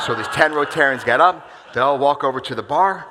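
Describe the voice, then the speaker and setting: A man in his forties giving a motivational keynote talk, telling stories dramatically and swinging from loud bursts to hushed asides. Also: mid-range voice, fairly quick, noisy background. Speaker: keynote speaker. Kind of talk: motivational stage storytelling. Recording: long hall reverb.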